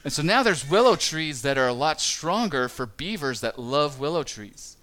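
A man's voice: a little high, very animated, pushed and bright. Man preaching in a conversational way. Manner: conversational, with small stumbles and quick acted-out quotes. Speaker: pastor. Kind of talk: sermon.

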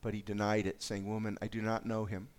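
Lower-voiced man preaching conversationally. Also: monotone, brisk, a little mellow, clean tone. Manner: conversational, reads scripture aloud then reflects. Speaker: pastor. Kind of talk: sermon.

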